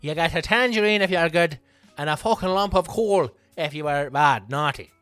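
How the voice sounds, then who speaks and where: A man's voice: fairly high pitch, normal speed, a bit bright, clean tone, no room sound, soft background music, close to an everyday voice. A man putting on a jolly Irish market host. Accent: Irish, put on.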